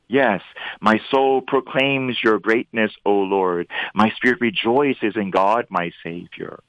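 A man, a priest and regular on a radio show, talking earnestly about faith and often rising into lively emphatic bursts. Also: on the low side, slow pace, no echo, lo-fi sound. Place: radio studio.

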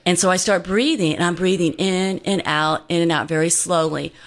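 A woman's voice: on the low side, moderate pace. A woman guest telling a personal story in an earnest, meandering way, full of fillers and restarts.

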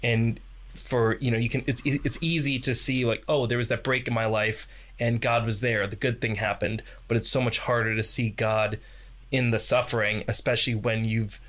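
A man co-hosts a podcast, asking questions haltingly and thoughtfully. His pitch sits in the ordinary middle range. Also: steady tone, fairly bright tone. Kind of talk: casual chat.

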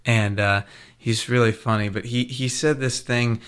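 A man co-hosting a talk show, telling a story with animated enthusiasm. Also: mid-range voice, measured pace, clean tone. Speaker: co-host. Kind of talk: casual radio chat.

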